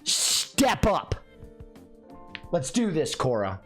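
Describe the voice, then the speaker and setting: Animated man telling a funny story. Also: extremely slow, faint music behind. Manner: lively, acts out dialogue with swinging pitch.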